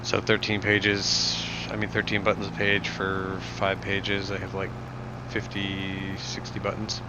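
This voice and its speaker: A young man streaming a game, chatting casually and jokingly as he reads chat aloud. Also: low-pitched. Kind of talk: live gameplay stream chat. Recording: muffled, noisy recording.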